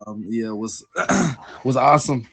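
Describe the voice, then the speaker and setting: A man's voice: medium pitch, unhurried. A man hosting a podcast, asking questions in loose, slangy casual talk with many restarts. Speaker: podcast host. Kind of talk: casual interview.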